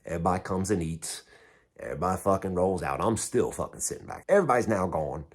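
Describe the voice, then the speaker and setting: A man's voice: deep voice, expressive, quick pace. A man telling a story in a casual way, blunt and heavily profane, and mocking himself. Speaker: vlogger recounting prison time.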